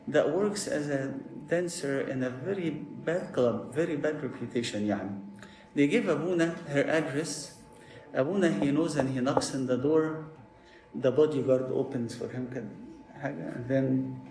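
A priest preaching a sermon, telling stories in a lively way and checking in with "okay?". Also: male voice, mid-range voice. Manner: animated storytelling with frequent "okay?" check-ins. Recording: echoey room.

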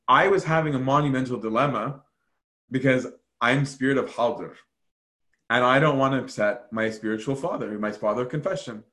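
A man's voice: mid-range voice, brisk. A man casually telling monastery stories, full of fillers and acted-out quotes. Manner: animated storytelling, acts out quoted voices, frequent fillers. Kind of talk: casual storytelling talk.

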